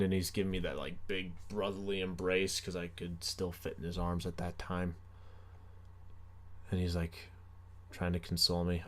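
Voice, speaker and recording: A man's voice: deep voice, level tone, normal speed. A young man hosting a comedy podcast, telling a story animatedly with self-mocking sarcasm. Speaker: podcast host. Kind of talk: comic storytelling.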